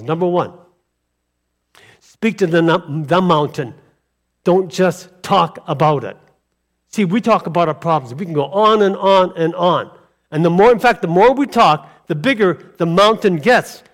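A male pastor preaching a sermon emphatically, with rhetorical questions and call-and-response to the congregation. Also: high-pitched.

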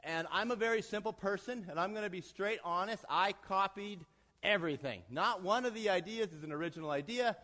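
A man, a lay leader preaching in a church, with a fairly high voice. He talks plainly and directly and pokes fun at himself. His voice carries a long reverb from the hall. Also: fairly quick, sharp tone. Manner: plain, direct, self-deprecating, acts out voices in a joke. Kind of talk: sermon with a joke and prayer.

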